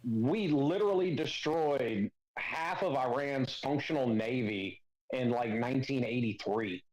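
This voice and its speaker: A man in casual podcast talk, flatly correcting others and pushing back. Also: mid-range voice, a little slow, poor audio. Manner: skeptical, corrective. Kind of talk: casual chat.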